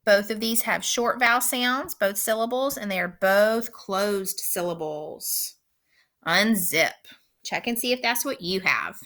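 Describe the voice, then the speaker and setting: A woman teacher giving a recorded phonics lesson, speaking slowly and clearly and repeating each word for young learners. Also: medium pitch, fairly bright tone. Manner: slow, clear instructional pacing with repeated words.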